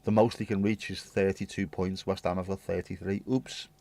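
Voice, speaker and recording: A man's voice: sits low, flat delivery, normal speed, warm tone. A man hosting a livestream, chatting to viewers in a rambling, jokey way and swearing casually. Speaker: livestream host.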